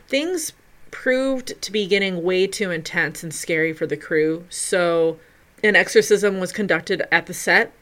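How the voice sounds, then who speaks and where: A woman hosting a video, narrating film trivia in a chatty, expressive way with loud bursts for emphasis. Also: mid-range voice. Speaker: video host.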